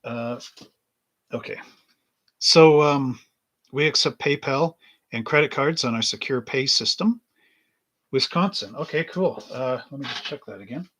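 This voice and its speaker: A man's voice: mid-range voice, unhurried, long pauses, a bit bright. A man hosting a live stream from his hobby shop, chatting casually and rambling as he reads the chat aloud. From Canada. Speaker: livestream host and hobby shop owner.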